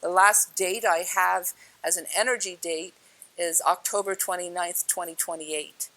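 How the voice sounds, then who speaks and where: A woman's voice: on the low side, steady tone, unhurried, sharp tone. A woman giving a casual spiritual talk, blunt and direct, swearing offhandedly and asking her listeners questions. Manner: chatty, asks the listener questions. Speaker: spiritual speaker.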